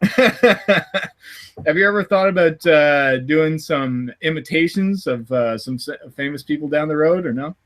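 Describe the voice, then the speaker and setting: A man's voice: fairly high pitch, measured pace, fairly bright tone. A man hosting a podcast in casual chat, laughing often and rambling with restarts. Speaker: podcast host.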